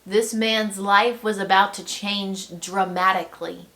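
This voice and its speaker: A woman teaching from scripture in a devotional talk at an unhurried, deliberate pace. Her voice sits at an ordinary middle pitch, and her delivery is earnest and reflective. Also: fairly even intonation, sharp tone.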